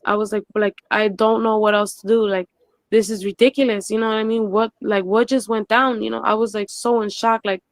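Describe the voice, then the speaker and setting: A woman's voice: medium pitch, little pitch movement, a little fast, dry recording. Brief: woman guest, eyewitness, rambly filler-heavy speech, dry close sound. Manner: rambling, many "like" and "you know" fillers. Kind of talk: live stream interview, recounting.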